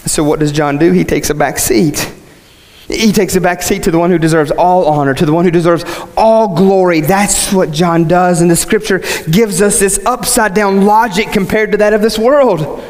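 A man preaching a sermon, asking rhetorical questions and repeating phrases as his voice swings from low to high. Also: moderate pace, a little mellow, big-room sound.

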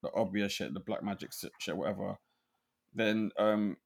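A man's voice: fairly low pitch, normal speed, creaky. A man co-hosting a podcast in casual chat, often restarting words and tagging lines with "right?". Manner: stammering restarts, frequent "right?" tags. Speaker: podcast co-host.

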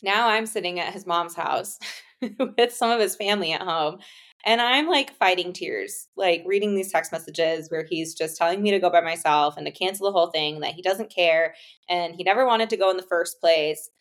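A woman's voice: on the low side, normal speed. A young woman telling a personal story in casual conversation, filling it with "like" and acting out both sides of past exchanges. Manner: conversational, many fillers, acts out dialogue. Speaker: guest telling her story.

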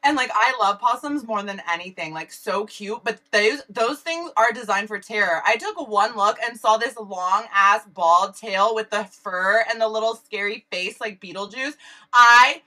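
A woman co-hosting a podcast in casual chat, telling an animated story full of "like" and swearing. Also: mid-range voice, normal speed, low-quality recording. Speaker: podcast co-host.

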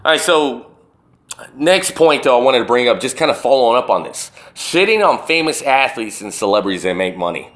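A man's voice: medium pitch, expressive, brisk, a bit bright. A man hosting a solo podcast, talking in a rambling, profane and emphatic way. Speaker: podcast host. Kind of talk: casual solo podcast rant.

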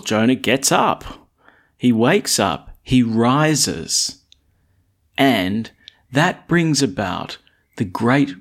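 A man delivering a sermon in an easy, conversational manner, his voice sitting at an ordinary middle pitch. He tells the story with lively rhetorical questions. He slows and lowers his voice to read scripture. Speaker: preacher.

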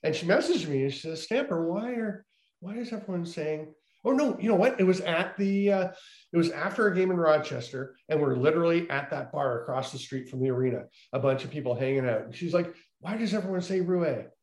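A man, a lacrosse broadcaster co-hosting a casual chat, telling lively anecdotes and laughing along. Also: on the high side, fast. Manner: animated, laughs through his stories.

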